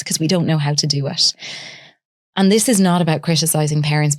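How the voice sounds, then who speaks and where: Low-voiced woman psychologist explaining. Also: no room sound, clean studio sound. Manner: lifts her voice into a soft, sing-song tone when acting out talking to a child; measured, explains carefully with examples. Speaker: psychologist guest. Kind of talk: explanatory interview talk.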